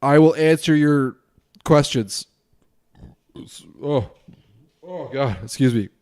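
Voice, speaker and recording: A man's voice: a little high, takes it slowly, a little mellow, smooth, no room sound, studio quality. A man hosting a casual solo podcast at home, ranting and swearing in a loose, tipsy way, his nose stuffed up. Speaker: podcast host.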